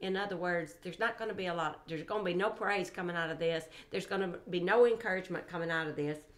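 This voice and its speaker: A woman teaching a verse-by-verse Bible study in an emphatic way, repeating phrases for stress and breaking in with soft exclamations between readings. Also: lowish voice, fast talker.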